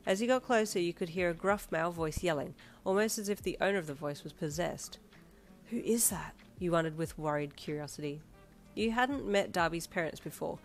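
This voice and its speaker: A woman narrating a second-person fanfiction story with dramatic, expressive delivery. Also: lowish voice.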